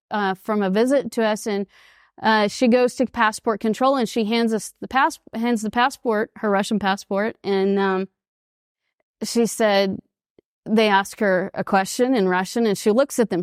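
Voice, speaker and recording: This clip features an American woman in her fifties, an East Texas native, giving an animated talk as a speaker at an international school. Her pitch is a bit high, and she voices the characters in her stories herself. The sound is close, dry, and free of echo.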